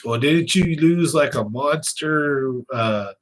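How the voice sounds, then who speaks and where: A man's voice: on the high side, slow. A young man hosting a fishing channel live stream, chatting casually and rambling with viewers, a little stuffed up from sinus trouble, laughing often. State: slightly congested with sinus trouble.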